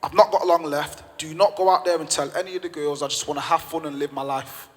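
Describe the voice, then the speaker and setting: A man voicing a blunt, brave older Irish woman, brisk and matter-of-fact, in a reverberant hall. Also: low-pitched, steady tone, lightly acted. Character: tough old Irish lady, blunt and brave.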